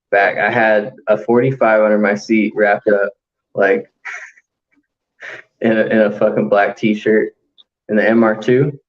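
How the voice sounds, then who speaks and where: Host: low-pitched man, profane laughing storyteller, muffled lo-fi audio. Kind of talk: casual late-night chat.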